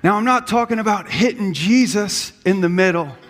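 A man's voice: sits high, moderate pace, a bit bright, in a large hall. A young man preaching a sermon as pastor, building into impassioned, rising calls.

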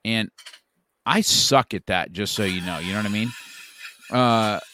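A man's voice: on the low side, unhurried, bright, forceful tone, slight background noise. A man hosting an interview, chatting casually and rambling in a self-deprecating way with many restarts. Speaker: podcast host.

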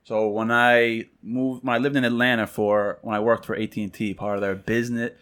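A man's voice: fairly low pitch, brisk. A man from New York telling stories on a podcast, acting out the quotes in a raised voice. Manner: animated, acts out quotes in a raised voice. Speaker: podcast co-host. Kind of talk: casual storytelling chat.

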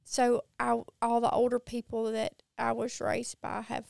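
A woman's voice: fairly high pitch, completely flat delivery, a little slow, gravelly, darkish tone, no echo, clean studio sound. A middle-aged woman with a Mississippi Southern accent, chatting casually as a podcast guest and laughing often. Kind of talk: casual chat.

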